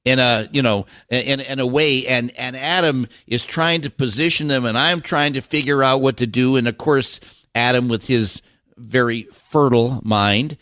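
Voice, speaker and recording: Older man, podcast guest, animated storyteller, frequent restarts, dry recording. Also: medium pitch, moderate pace, no echo. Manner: animated, rambling anecdotes with many restarts. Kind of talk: casual storytelling interview.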